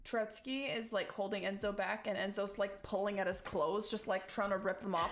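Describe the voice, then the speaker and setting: A woman's voice: medium pitch, moderate pace, few pauses, slight background noise. A woman running a tabletop game as game master, narrating loosely and playfully and laughing often.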